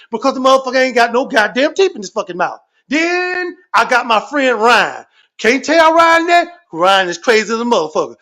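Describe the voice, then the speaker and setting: A man's voice: extremely high pitch, normal speed. A man telling stories in a fired-up, profane rant on a livestream, swearing constantly and exaggerating for laughs. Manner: animated, repetitive, swearing constantly, comic exaggeration.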